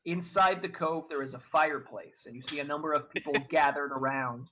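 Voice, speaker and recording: A man's voice: fairly high pitch, a little fast, bright, forceful tone, slight background noise, poor audio. A man narrating a tabletop game as game master, rambling with many fillers and restarts.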